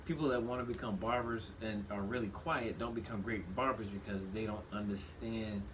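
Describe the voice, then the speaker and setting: A man in his thirties talking casually on a podcast. He speaks reflectively, restarts his sentences often and gets animated when he quotes himself. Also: on the low side, normal speed. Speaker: podcast co-host. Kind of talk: casual conversation. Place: shop. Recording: steady background noise.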